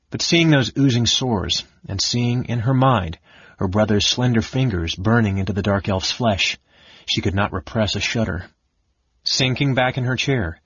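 A man with a low, husky voice reading a fantasy audiobook in a steady storytelling manner. The recording sounds dull and dry. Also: no room sound. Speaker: audiobook narrator.

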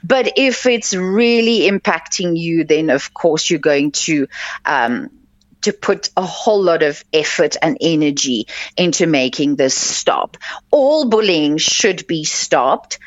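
Deep-voiced and heard without any room sound, this life coach and radio host gives sincere guidance on her show, restating key points for emphasis. The audio is muffled, lo-fi and dry.

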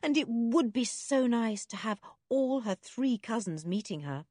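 A woman reads a children's storybook aloud in an expressive, animated way. Her voice is husky and breathy, her pitch swings widely, and the sound is dry and close. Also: measured pace, dry recording. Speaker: narrator. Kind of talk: storybook reading.

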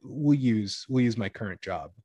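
A man's voice: lowish voice, lively intonation, normal speed, dark tone, husky, no room sound. A young man talking in a casual chat, rambling with lots of filler words and free swearing. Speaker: guest.

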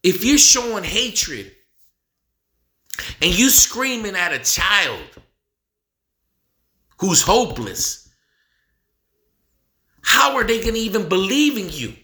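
A high, bright-toned man preaches slowly, piling up rhetorical questions and letting his voice climb and fall widely. He is recorded in a roomy, echoey space. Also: big pitch swings. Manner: repetitive, rhetorical questions, rising to near shouting. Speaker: speaker addressing the nation. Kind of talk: impassioned preaching monologue. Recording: echoey room.

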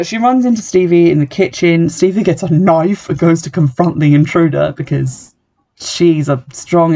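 At a moderate pace, a speaker with a mellow, medium-pitched voice casually recaps a film. The tone is chatty and sardonic, loaded with "like" and dry asides.

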